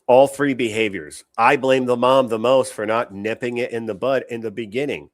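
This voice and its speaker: A man's voice: mid-range voice, steady tone, moderate pace, dry recording, studio quality. A man hosting a show, giving blunt, opinionated reaction commentary on clips, swearing often and restarting his sentences.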